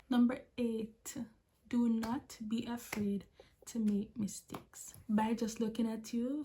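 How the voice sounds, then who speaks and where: A woman's voice: a little high, warm tone, slight background noise. A young woman with a Jamaican accent giving chatty, emphatic advice in a casual vlog, often repeating her key points. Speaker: vlogger.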